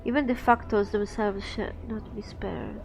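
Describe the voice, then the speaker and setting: A woman's voice: medium pitch, fairly even intonation, normal speed, gravelly, a little mellow, a little hiss or hum, close to an everyday voice. A woman voicing a grim woman prophet who proclaims doom in an ominous, declaiming way.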